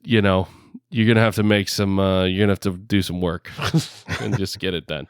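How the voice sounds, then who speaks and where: A man's voice: low-pitched, steady tone, normal speed, clear, resonant tone, dry recording. A man co-hosting a casual podcast on a headset mic, rambling with lots of fillers and laughing often. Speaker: podcast co-host.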